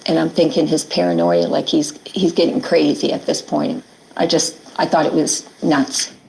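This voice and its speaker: Interviewee, woman, middle-aged, gravelly, a bit low, earnest retelling. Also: level tone, moderate pace, a little mellow, a little hiss or hum, low-quality recording. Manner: earnest, quotes herself and others, many "like" fillers. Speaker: interviewee recounting her ordeal. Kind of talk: emotional testimony in an interview.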